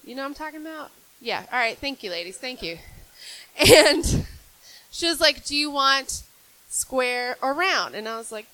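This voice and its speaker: Casting: twenties woman comic, bright, slightly high voice, deadpan self-deprecating delivery. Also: normal speed, rough recording. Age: 20s. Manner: dry, self-deprecating storytelling with acted-out quotes. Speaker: stand-up comedian. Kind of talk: stand-up comedy set. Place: comedy club stage.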